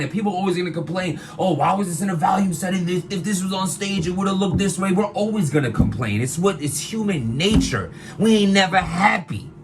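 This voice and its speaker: Man, slightly high voice, slangy, animated vlog rant, faint room hum. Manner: animated, slangy, repeats himself while venting. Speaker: vlogger, battle rap commentator. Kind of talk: casual opinion rant to camera.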